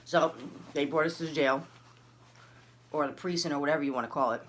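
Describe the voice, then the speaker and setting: Woman, casual storytelling, animated, voice leaps up when acting out dialogue. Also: brisk, slight background noise. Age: adult, recalls early twenties and has a son. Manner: animated, acts out dialogue with big pitch jumps. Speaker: vlogger telling a personal story.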